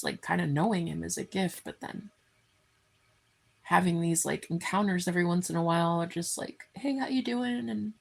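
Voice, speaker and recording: A woman talking in a heartfelt, rambling vlog, full of halting restarts. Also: mid-range voice, creaky, breathy edge. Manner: earnest and effusive. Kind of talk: emotional personal vlog.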